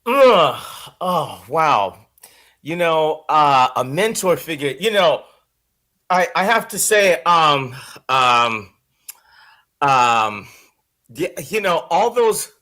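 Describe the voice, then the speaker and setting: A man, a voice-actor guest, chatting in an interview, expressive and rambling, with many restarts. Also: a little high, very slow, long pauses. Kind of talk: casual interview chat.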